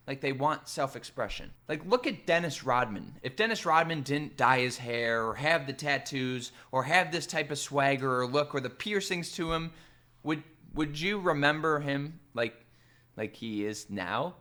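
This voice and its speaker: A man with a bright, sharp voice rants to camera about football in a casual, emphatic way. He speaks at a middle pitch and keeps his delivery punchy and animated, with quick asides. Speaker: sports radio producer and vlogger. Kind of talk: casual opinion rant to camera.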